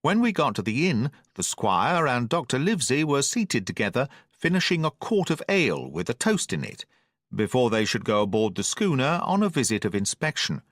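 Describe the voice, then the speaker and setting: A man narrating a classic adventure novel as an audiobook, in a steady, expressive storytelling manner. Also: mid-range voice, moderate pace, dry recording, clean studio sound.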